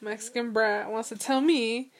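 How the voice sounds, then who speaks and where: A young woman in a casual chat, animated and giggly, acting out the people in her stories. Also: on the high side, normal speed. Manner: giggly, animated storyteller who acts out quotes.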